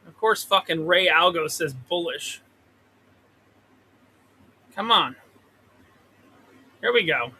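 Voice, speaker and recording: A fairly high, husky, sharp-toned voice comes from a man live-streaming stock trades in a trailer. He's animated but slow, leaving long pauses as he rambles and curses at the chart, and his desk mic with pop filter yields low-quality sound.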